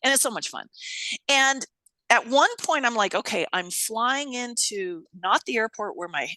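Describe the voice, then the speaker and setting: A woman telling a story in an animated way, swearing casually and acting out the voices of people she quotes. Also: a little high, normal speed, no room sound. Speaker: guest.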